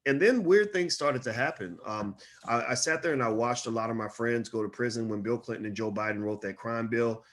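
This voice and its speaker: A middle-aged man giving solo commentary, impassioned, repeating his phrases and climbing higher as he gets worked up. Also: brisk, hardly any pauses. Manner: impassioned, repeats phrases, rises in pitch when animated.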